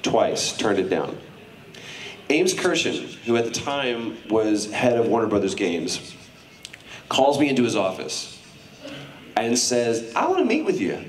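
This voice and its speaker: A man's voice: medium pitch, huge pitch swings, a little slow, long pauses, slight background noise. A middle-aged man speaking as a guest on a convention panel, telling a story to a live audience with lots of animation and acting out other people's lines in raised voices. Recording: roomy hall sound, mic at a distance.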